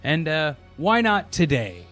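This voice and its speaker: A man's voice: on the high side, very animated, unhurried, a bit bright, soft background music. A man co-hosting a casual podcast, with dry, wry humor. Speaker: podcast co-host. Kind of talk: casual chat.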